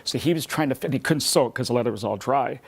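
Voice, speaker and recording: A man rattles off a collector's anecdote at a quick clip. His pitch sits in an ordinary middle range, and his story tumbles forward with restarts and asides. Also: vocal fry, slightly rough. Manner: rapid, rambling anecdotes with restarts. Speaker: memorabilia collector. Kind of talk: animated storytelling.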